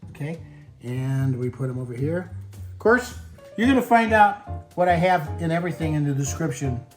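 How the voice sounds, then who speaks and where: Animated and somewhat high-voiced, the kitchen host moves along at a moderate pace. He's chatty and playful while demonstrating home cooking, speaking right to his viewers over background music.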